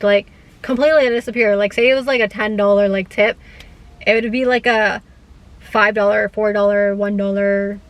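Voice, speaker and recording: A woman's voice: mid-range voice, poor audio. A young woman, chatting casually to camera as a vlogger and filling her talk with "like" while telling stories with animation. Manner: chatty, heavy use of "like" fillers; animated storyteller. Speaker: gig-work vlogger.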